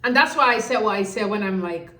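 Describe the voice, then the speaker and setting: A woman hosting a casual reality TV recap, animated and sassy, acting out what others said. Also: medium pitch, fast, roomy sound. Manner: animated, sassy, quotes people in voices.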